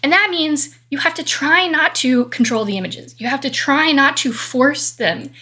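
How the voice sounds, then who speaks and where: A woman's voice: sits high, moderate pace, pushed and bright. A woman giving a monologue rant, talking emphatically and a bit aggressively, swearing freely. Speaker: vlogger.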